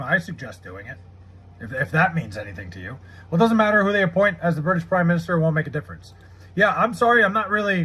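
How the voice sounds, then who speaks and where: This American live streamer talks loosely with his viewers, reading their chat, swearing freely, and leaning on "like" as a filler in his rambling. He's from the United States, and his high-pitched voice sounds bright, forceful, and husky.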